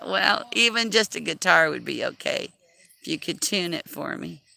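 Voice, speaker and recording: A woman's voice: on the low side, animated, unhurried, creaky, sharp tone. A woman chatting casually on a livestream, self-deprecating and laughing often as she talks. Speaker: livestream host.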